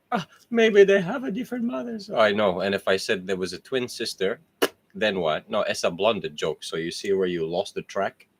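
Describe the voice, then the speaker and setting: A man's voice: low voice, lively intonation, normal speed, breathy edge. A man hosting his own show in a casual, rambling monologue, laughing often and swearing freely. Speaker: host.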